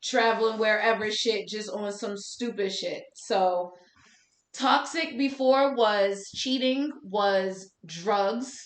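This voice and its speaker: A woman in casual podcast chat, telling a story in an animated way and acting out what people said. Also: mid-range voice, slow pace. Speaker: podcast co-host. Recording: echoey room recording.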